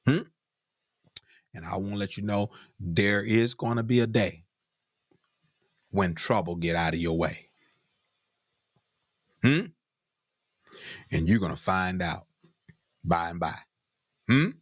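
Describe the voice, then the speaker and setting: A man's voice: takes it slowly, pauses often, no room sound, clean studio sound. A man preaching a sermon with fervor, calling out "glory" and asking "hmm?" between scripture readings. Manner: fervent, repeats "glory be to God" and "hmm?", pitch climbs when stirred.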